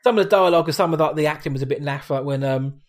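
Chatty man, fairly high voice. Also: racing. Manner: chatty, mimics film lines. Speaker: podcast co-host. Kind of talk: casual film review chat.

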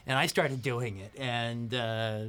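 A man of middle pitch rambles through a commentary track, stopping for ums and uhs and breaking into laughs. He talks as the film's producer, loose and chatty. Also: steady tone, slow, a bit bright, clean tone. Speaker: film producer. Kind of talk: DVD commentary chat.

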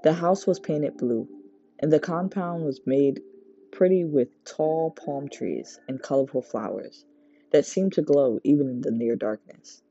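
A woman reading a novel aloud, giving the characters lively voices and going high for the girls. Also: husky, lo-fi sound. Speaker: audiobook reader.

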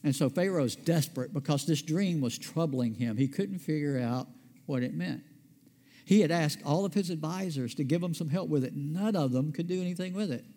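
A man's voice: on the high side, moderate pace, mellow. A man pastor preaching a sermon in a conversational way, asking his listeners questions and answering them himself. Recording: long reverb of a large hall.

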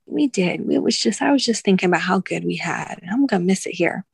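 A woman in her thirties, a guest on a podcast, telling a personal loss story in an emotional, halting way with many restarts. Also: medium pitch, animated, gravelly, darkish tone, slightly rough, no room sound.

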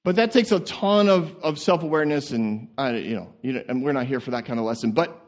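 A male pastor preaching in a church, animated and laughing, often repeating words as he goes. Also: medium pitch, brisk. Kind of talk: sermon. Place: church sanctuary.

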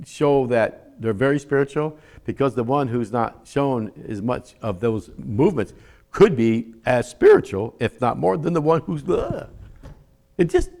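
An older man preaching a sermon as a pastor, swinging from shouts to near-whispers and repeating words for emphasis. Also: mid-range voice.

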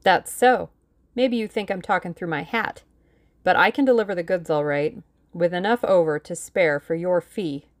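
A woman's voice: on the low side, normal speed, lightly acted. A woman voicing a brash, blunt, wealthy young man.

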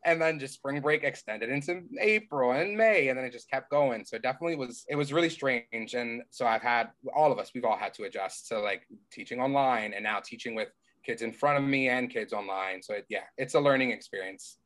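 A man's voice: a little fast, few pauses. A young man in his twenties, a teacher, chatting casually and acting out quotes with lots of laughter. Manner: animated, laughs often, acts out quotes in a high voice. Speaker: middle school teacher. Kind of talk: casual chat.

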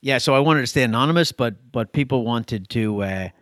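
A man telling stories in a relaxed, casual chat, swearing now and then. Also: mid-range voice, brisk, dry recording, studio quality.

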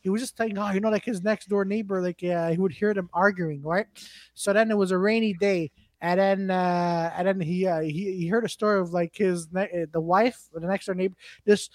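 A man in casual chat, excitable and full of fillers as he tells a story. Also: sits high, a little fast, no echo, clean studio sound.

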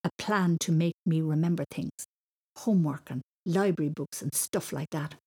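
A woman's voice: deep voice, normal speed, darkish tone, breathy edge. A woman voicing a determined, forgetful little boy who talks eagerly and emphatically. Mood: earnest.

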